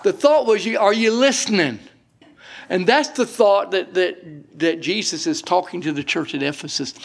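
Gravelly preacher, emphatic and folksy. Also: male voice, high-pitched, moderate pace. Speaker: pastor. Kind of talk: sermon.

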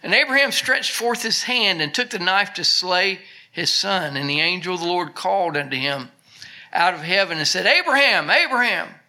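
A man delivering a sermon, reading old scripture slowly and emphatically before breaking into relaxed commentary. His voice is bright and forward, pitched slightly above the usual for a man. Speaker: preacher.

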